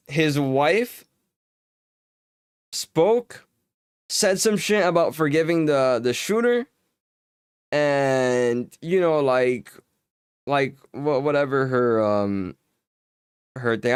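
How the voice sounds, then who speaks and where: A man's voice: mid-range voice, clear, resonant tone, no echo, studio quality. A young man streaming and chatting casually while gaming, ranting heatedly with lots of swearing and filler words.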